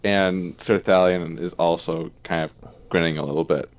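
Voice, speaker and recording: A man's voice: low-pitched, fairly even intonation, moderate pace. A man narrating and voicing his character in a tabletop role-play game, with frequent fillers. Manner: hesitant, many fillers. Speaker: player voicing a knight.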